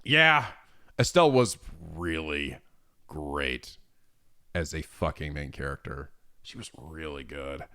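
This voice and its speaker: With a slow bass voice and a clean tone, a man hangs out on a livestream reading messages from viewers. His replies are profane, animated, and full of laughter and swearing.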